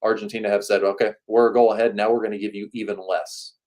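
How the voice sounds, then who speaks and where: A man's voice: lowish voice, level tone, darkish tone. A man co-hosting a watchalong from a remote location, giving casual, talkative tactical analysis with a dry joking streak. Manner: fast, talkative, dryly joking. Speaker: co-host and soccer analyst. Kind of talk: casual analysis over a video call. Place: Kansas City, joining remotely.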